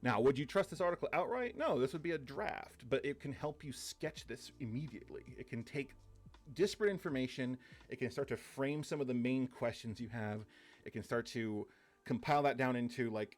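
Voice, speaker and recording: A man gives a relaxed lecture, talking in a casual, conversational way and filling it with asides and small fillers. His voice sits in an ordinary middle pitch. He sounds like an instructor explaining things to a class, not reading from a script. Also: normal speed. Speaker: course instructor. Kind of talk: casual lecture over slides.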